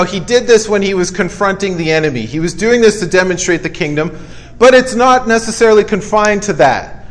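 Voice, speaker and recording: High-voiced man preaching conversationally. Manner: conversational, keeps checking in with listeners; emphatic, punchy short phrases. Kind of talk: sermon.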